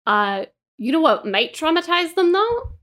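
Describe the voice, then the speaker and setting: A woman's voice: very high voice, big pitch swings, measured pace, a bit bright. A woman co-hosting a casual podcast chat, rambling with lots of fillers and swearing freely. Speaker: podcast co-host.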